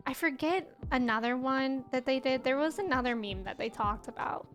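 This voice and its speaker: A woman's voice: sits high, fairly bright tone. A young woman in her twenties streaming a game, chatting casually with viewers and laughing often. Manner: chatty, laughs often, reads chat aloud. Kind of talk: casual chat while gaming.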